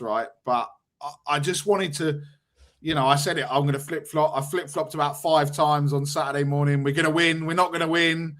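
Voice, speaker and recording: A man talking as a guest on a football fan show in a wry, self-deprecating casual chat. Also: a little high.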